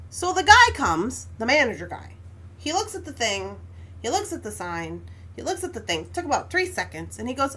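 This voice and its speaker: A woman's voice: on the high side, big pitch swings, fairly quick, pushed and bright. A woman hosting a live stream, telling a story in a casual, exasperated way and laughing often.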